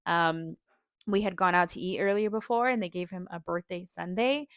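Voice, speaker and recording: A woman's voice: on the low side, moderate pace, dry recording, studio quality. A young woman hosting a podcast, telling a personal story in a casual, earnest way, full of "like" and "um" and small laughs. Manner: chatty, with many "like" and "um" fillers and frequent small laughs; earnest and openly emotional. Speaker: podcast host.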